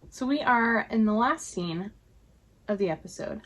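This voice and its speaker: A woman's voice: fairly high pitch, lively intonation, a little slow. Young woman, vlogger, casual recap, chatty, filler words. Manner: chatty retelling with frequent "like".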